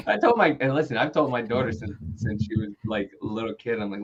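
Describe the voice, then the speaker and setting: A man hosting a podcast in casual chat, telling animated stories and jumping into high voices when he quotes people. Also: normal speed, long pauses, a loud crowd. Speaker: podcast host. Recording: muffled lo-fi sound.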